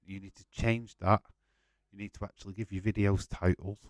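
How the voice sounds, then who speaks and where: A man's voice: lowish voice, little pitch movement, a little fast, no echo. A man hosting a casual live-stream watch-along, chatting to viewers by name, laughing often and swearing freely.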